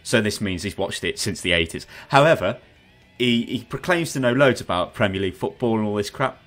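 A man hosting a gaming podcast over voice chat, ranting in an animated, sarcastic way. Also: lowish voice, brisk. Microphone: headset on voice chat.

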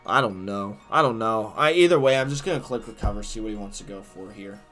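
A man's voice: lowish voice, expressive, fast talker, a bit bright, soft background music. A man giving profane, trash-talking live commentary while he plays a competitive game, swinging between rage and jokes.

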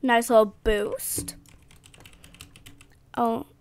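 A young woman giving excitable, rambling casual commentary while playing a game. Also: on the high side, very slow, smooth. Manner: chatty, excitable, rambling with fillers. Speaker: gaming vlogger.

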